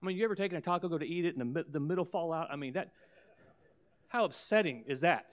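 Male pastor, higher-pitched, fervent preacher with loud emphatic swells and quick asides. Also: expressive. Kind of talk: preaching a sermon.

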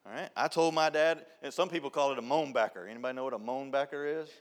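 A man's voice: medium pitch, quick pace. A middle-aged man, preaching a folksy, joking sermon as a church youth director. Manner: storytelling, joking, shouts and laughs at punchlines. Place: church sanctuary.

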